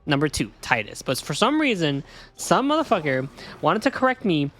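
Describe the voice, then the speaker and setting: A man's voice: fairly high pitch, very animated, fairly quick, a bit bright, faint music behind. A man streaming a game live, chatting casually in a rambling, joking way and swearing freely.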